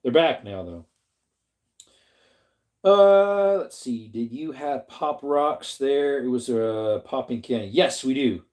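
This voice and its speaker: Mellow-voiced man chatting on a livestream. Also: medium pitch, animated, takes it slowly. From Arizona. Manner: rambling, chatty, laughs often, greets viewers by name. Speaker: livestream host reading chat. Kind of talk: casual livestream chat.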